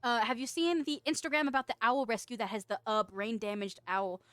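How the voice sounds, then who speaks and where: A woman's voice: a little high, steady tone, brisk, fairly bright tone, no echo. A young woman streaming, chatting casually with viewers, reading out their messages and laughing often in a playful, giggly way. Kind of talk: casual livestream chat, reading out chat. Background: faint background music.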